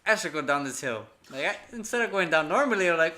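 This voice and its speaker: A young man of part-Mexican background with a high voice tells stories on a casual podcast. His sound is bright and ringing. He rambles and swears freely, and he acts out what people said. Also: lively intonation, fast. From part Mexican family. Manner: profane, rambling, acts out quotes. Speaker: podcast co-host. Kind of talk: casual storytelling among friends.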